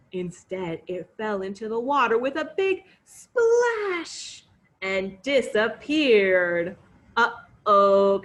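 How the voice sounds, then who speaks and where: A woman telling a fairy tale to children, expressive and coaxing, inviting them to join in. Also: medium pitch. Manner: expressive, coaxing, sing-song. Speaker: children's storyteller. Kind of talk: interactive read-aloud for children.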